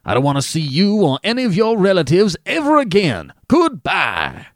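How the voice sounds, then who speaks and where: A man voicing an irritable, sharp-tongued old family doctor who talks loud and cutting in an audiobook. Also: sits high, huge pitch swings, normal speed, no room sound, clean studio sound, pitched above the performer's own voice, full character voice. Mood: indignant.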